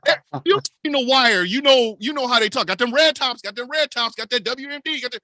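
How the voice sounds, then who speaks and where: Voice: medium pitch, fairly quick, dry recording, clean studio sound. A podcast co-host telling a wild story with lots of swearing. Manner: animated, profane storytelling. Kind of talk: casual storytelling.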